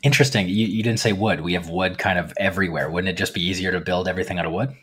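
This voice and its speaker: A man's voice: sits low, steady tone, rapid-fire, a bit bright, slightly rough. A man co-hosting a podcast, asking curious, rambling questions in a casual way. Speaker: podcast co-host.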